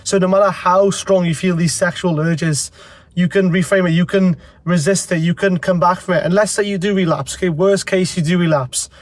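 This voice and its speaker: A congested young man with a fairly high voice talks straight to camera. He rambles bluntly and swears freely. The sound is close and dry. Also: fairly even intonation, moderate pace, no echo. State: congested from a cold. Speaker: self-improvement vlogger. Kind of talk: casual talking-to-camera advice.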